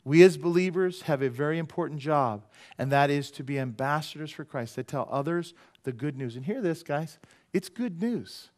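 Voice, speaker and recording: A man preaching a sermon as pastor, conversational and jokey, swinging between loud emphasis and quiet asides. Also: fairly high pitch, animated. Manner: jokey, drops into quick playful voices.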